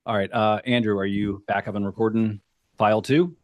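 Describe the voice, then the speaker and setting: A man's voice: on the low side, fairly even intonation, a little fast, dry recording, clean studio sound. A man co-hosting a podcast, recounting a band's history from his notes in a storytelling way over casual chat. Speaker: podcast co-host.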